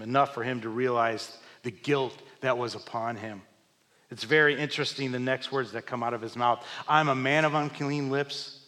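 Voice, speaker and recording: A man preaching a sermon, swinging between loud emphatic lines and hushed, quiet ones. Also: mid-range voice. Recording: long hall reverb.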